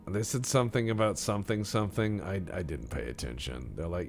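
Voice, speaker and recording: A man's voice: deep voice, a little fast, vocal fry, faint music behind. A man streaming a game and talking casually, rambling in a joking, mock-serious way.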